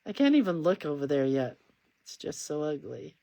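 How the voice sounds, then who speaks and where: A woman hosts a casual crafting livestream, rambling as she works and reading viewer comments aloud. Her voice is low and dark with a sing-song lilt, she talks at normal speed, and the recording is dry.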